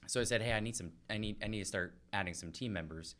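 A man who is a guest on a podcast, telling stories in a casual, animated way and acting out what other people said. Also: on the low side, quick pace. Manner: animated, acts out the people in his stories with raised voice. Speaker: podcast guest, loan officer. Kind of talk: casual storytelling in conversation.

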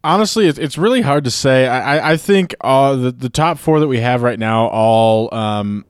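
A man in a casual sports chat, speaking hesitantly with halting restarts. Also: medium pitch, animated, clear, resonant tone, dry recording, clean studio sound. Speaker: co-host.

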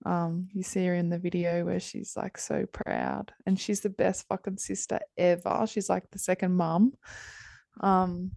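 A woman's voice: lowish voice, level tone, a little slow, gravelly, dark tone, dry recording. A woman, telling her story as a podcast guest in a candid, chatty way, swearing freely and often restarting her sentences. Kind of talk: casual conversation.

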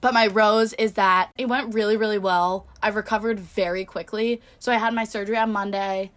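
A woman's voice: medium pitch, steady tone, moderate pace. A young woman co-hosting a podcast, joking and teasing her co-host in casual chat. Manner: jokey, teasing banter.

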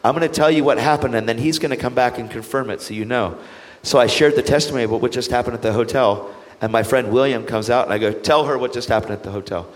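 Animated man telling a testimony. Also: medium pitch, fast, big-room sound. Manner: animated, acts out quoted voices. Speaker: evangelist guest. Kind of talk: storytelling testimony.

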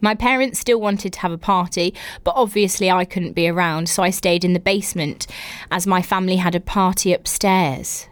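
A young Englishwoman with a lowish voice hosts a casual podcast chat, reading listeners' stories aloud and reacting with exaggerated, giggly comments. She speaks at a moderate pace, with no room sound.

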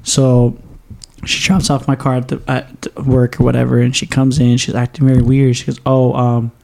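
A man's voice: mid-range voice, completely flat delivery, normal speed, creaky, a little mellow. A young man hosting a podcast, telling a long story in a rambling, profane, casual way with frequent laughs. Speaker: podcast host. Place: small home studio.

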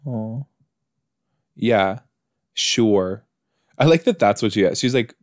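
Lowish and lively in intonation, this male podcast host takes his time and pauses often. He reacts to a TV episode as he watches, joking, chatting and talking back at what's on screen, captured in a dry, studio-quality recording.

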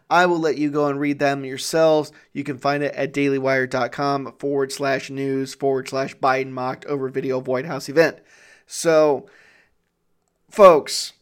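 Fired-up man hosting a news podcast. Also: on the high side. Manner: indignant, gets loud and exclaims when riled. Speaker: podcast host. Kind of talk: solo commentary podcast reading news articles.

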